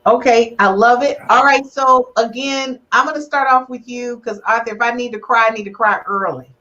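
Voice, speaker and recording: Woman hosting a couples podcast, teasing guests, kinda high voice. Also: moderate pace, sharp tone, lo-fi sound. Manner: playful, teasing, emotional. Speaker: podcast host. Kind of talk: live relationship podcast chat.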